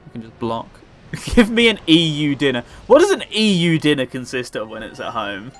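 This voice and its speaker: A man's voice: on the high side, very animated, moderate pace, a bit bright. A man giving casual, joking commentary while playing a video game, chatting to his viewers. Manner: joking and chatty, laughs often.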